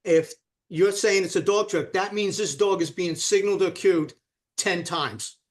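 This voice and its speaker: Male guest, quite high voice, pitches his case with force. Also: measured pace. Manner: emphatic and persuasive. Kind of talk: casual radio interview.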